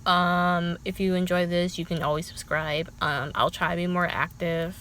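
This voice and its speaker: Woman vlogger, chatty storytime delivery, lots of "like", swears, big dramatic jumps in pitch. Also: normal speed, clean tone. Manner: animated, swears freely, many "like" fillers; dramatic pitch jumps when quoting people. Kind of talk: casual storytime.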